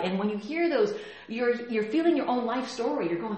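Animated woman pastor preaching, echoey room. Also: a little high, fairly quick, slight background noise. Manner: animated, laughing, acts out quoted voices. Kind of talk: sermon.

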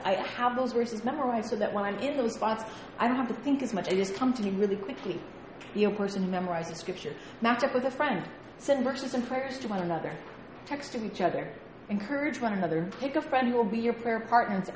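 A woman preaching to a women's gathering, direct and exhorting, with rhetorical questions and quick asides. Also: mid-range voice, animated, darkish tone, roomy sound, a little hiss or hum, low-quality recording. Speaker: women's ministry speaker. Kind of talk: sermon.

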